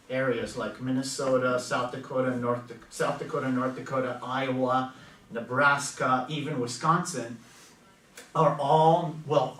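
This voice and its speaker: This language teacher has a General American accent and a mid-range, somewhat bright voice. He lectures chattily, frequently pausing to ask his students questions, captured from a distance in an echoey classroom.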